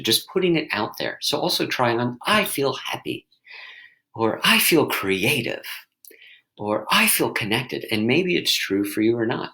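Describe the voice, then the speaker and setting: A man talking gently as a mindfulness teacher, leading listeners through a reflective exercise and often restarting his sentences as he searches for words. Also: medium pitch, rough recording. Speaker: mindfulness teacher and podcast host.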